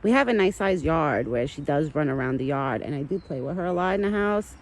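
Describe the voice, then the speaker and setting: Outdoors in her backyard, a woman vlogger chats to camera in a low, animated voice, talking a little fast over slight background noise. She rambles casually while feeding her pet deer and speaking sweetly to it.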